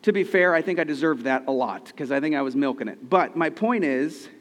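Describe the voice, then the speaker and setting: Male pastor, thirties, slightly high voice, earnest conversational sermon, long hall reverb. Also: animated, fairly quick. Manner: conversational, earnest, rhetorical questions.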